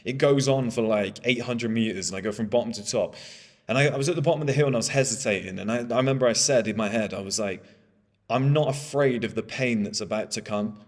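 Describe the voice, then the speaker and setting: A man's voice: mid-range voice, quick pace, in a large hall. A man in his thirties giving a candid motivational monologue, blunt and swearing freely. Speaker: motivational speaker.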